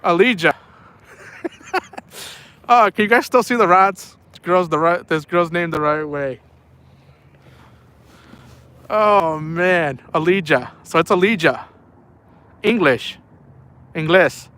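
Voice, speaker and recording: A man's voice: a little high, expressive, a little slow, pauses often, fairly bright tone. A young man chatting casually on a night fishing live stream, playful and laughing often while reading chat aloud. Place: outdoors at night by the water.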